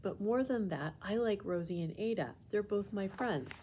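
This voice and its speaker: A woman's voice: medium pitch, lively intonation, normal speed, mellow, slight background noise, natural voice. A woman voicing an earnest, sheepish young schoolboy in a storybook read-aloud, speaking in a raised, apologetic tone. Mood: explaining.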